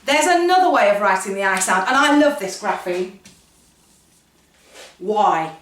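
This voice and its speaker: This phonics teacher has a mid-range voice and a measured pace, sitting far from the microphone in an echoey room. She animatedly turns letter sounds into small stories for kids in a playful lesson.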